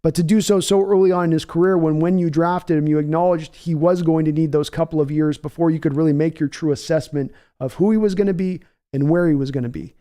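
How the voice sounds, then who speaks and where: A man with a slightly high yet warm, mellow voice hosts a live football stream. He talks in a casual, chatty way, answers viewers by name, and thinks his analysis through out loud. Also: steady tone. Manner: measured, thinking-aloud analysis with restarts. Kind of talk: casual live-stream football talk, reading chat aloud.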